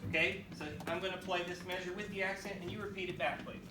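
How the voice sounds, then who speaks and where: A man leads a school band class from across a bright, echoing room, his fairly high voice carrying over steady room noise. He counts beats aloud, calls on students by name and urges them on. The recording sounds distant and roomy. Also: fast. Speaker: band teacher. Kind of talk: classroom instruction. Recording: echoey room, voice from far off, noisy. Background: students and instruments.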